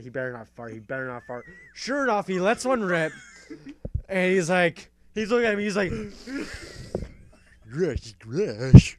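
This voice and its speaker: Animated young man telling a story. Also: on the high side, clear, resonant tone. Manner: animated, laughing, swearing freely. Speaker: podcast host. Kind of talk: casual storytelling chat.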